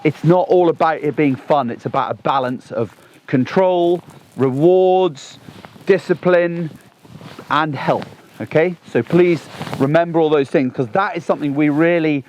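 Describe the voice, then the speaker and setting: A man, talking through a gun dog training session outdoors on a lawn, chatty and animated. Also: fairly high pitch, a little slow, lo-fi sound, slight background noise. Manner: chatty and animated, bursts into excited exclamations.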